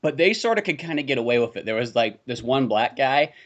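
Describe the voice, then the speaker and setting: A man co-hosting a comedy podcast, telling animated stories in casual chat and slipping into put-on voices. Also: mid-range voice, a little fast. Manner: animated storyteller, slips into put-on character voices. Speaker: podcast co-host.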